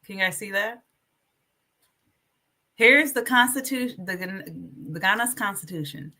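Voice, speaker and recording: A woman hosting a casual livestream, chatty and animated, reading aloud from her notes while sharing her screen. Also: medium pitch, normal speed, long pauses. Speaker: livestream host.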